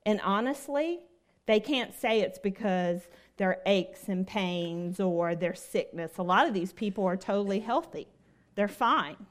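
A woman speaking slowly and deliberately at a middle pitch, giving a devotional talk. She drives her points home through repetition and keeps asking her listeners questions. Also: expressive. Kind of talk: devotional talk with personal story.

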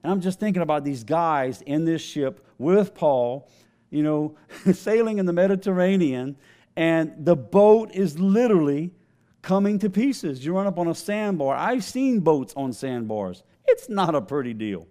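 A man's voice: fairly high pitch, lively intonation, unhurried, warm tone. A man preaching a sermon as pastor, telling stories conversationally and laughing often.

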